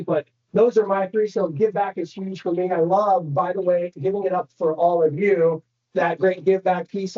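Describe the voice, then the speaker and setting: A man delivers an animated motivational training talk to a room of real estate agents, telling stories and putting questions to the crowd directly. His voice is high-pitched, and the recording is muffled.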